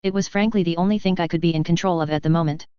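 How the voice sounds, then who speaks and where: A woman reading a story aloud in steady first-person narration. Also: fairly low pitch, rapid-fire, smooth, dry recording, highs cut off. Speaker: reader. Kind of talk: audiobook reading of fan fiction.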